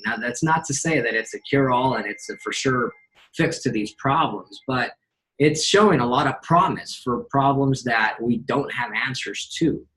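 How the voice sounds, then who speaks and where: A man who runs a hyperbaric treatment facility, explaining it in a measured way with frequent pauses and fillers. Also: medium pitch, fairly bright tone, poor audio. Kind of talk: informative explanation.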